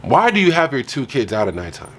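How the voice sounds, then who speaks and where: A man's voice: medium pitch, sing-song, a little fast, a little hiss or hum. A man hosting a reaction channel, giving exasperated, slangy commentary and hammering home his points.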